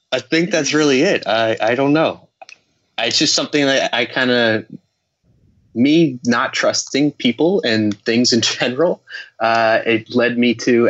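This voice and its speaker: A man's voice: medium pitch, fairly bright tone, lo-fi sound. A man on a video call, chatting casually about his work, rambling and self-deprecating. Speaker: guest security developer. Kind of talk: casual podcast discussion.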